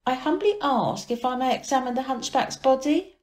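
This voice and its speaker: A woman's voice: sits high, expressive, moderate pace, darkish tone, pitched above the performer's own voice. A woman voicing a humble, clever male barber in a storybook tale, speaking politely. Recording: echoey room.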